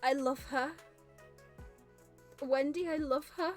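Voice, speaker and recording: High-voiced giggly woman streamer. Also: steady tone, slow. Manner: giggly, gushing, laughs often. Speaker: vtuber streamer. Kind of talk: casual live-stream chat. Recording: faint background music.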